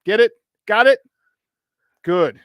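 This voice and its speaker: A man's voice: high-pitched, takes it slowly, a bit bright, clear, resonant tone, no room sound. A man with a Chicago accent hosting a live morning sports talk show, riffing playfully through promos with asides.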